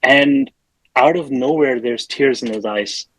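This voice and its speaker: A man's voice: medium pitch, a little slow, fairly bright tone, rough recording. Rambling man retelling a film's plot. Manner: retells scenes with acted-out quotes; loose, rambling with fillers. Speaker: podcast host. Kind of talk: casual film review chat.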